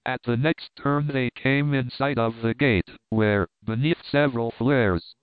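A man reading an adventure story aloud in a steady, measured narration. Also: mid-range voice, smooth, no room sound. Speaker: audiobook narrator. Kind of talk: scripted narration. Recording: dry, tinny phone-like sound.

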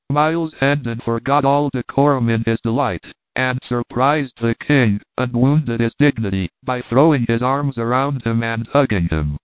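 A man narrating a storybook in a steady, even reading voice. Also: mid-range voice, measured pace, few pauses, no room sound. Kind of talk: audiobook narration. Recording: tinny phone-like line, dry.

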